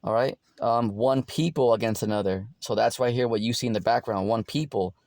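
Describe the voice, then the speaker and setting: Male preacher, streetwise and crude, mid-pitched, close dry sound. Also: a little fast, a little mellow, no room sound. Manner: loose and profane, acts out voices of others, many fillers. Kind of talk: casual street-style Bible teaching.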